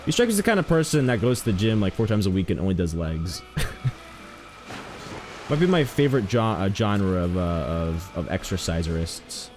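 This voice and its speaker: A young man rambles through a live game stream, his voice low but swinging widely up and down as he jokes and tells stories. Faint music plays under him. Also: normal speed. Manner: joking, rambling, animated storytelling. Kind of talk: casual live-stream chat while gaming.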